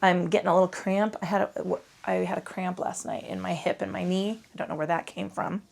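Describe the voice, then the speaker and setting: A woman guides a relaxed yoga class into a microphone, her voice low and gravelly. She talks loosely and swears freely, drifting into asides. She sounds tired from a short night. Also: fairly quick. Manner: chatty, profane, rambling asides. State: tired from little sleep. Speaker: yoga instructor.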